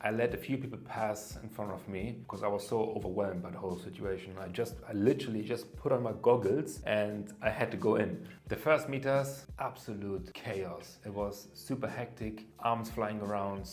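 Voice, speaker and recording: A man's voice: on the low side, moderate pace, hardly any pauses. A man narrating his race day in a plain, matter-of-fact vlog voice-over, with some fillers. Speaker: vlogger recounting his race.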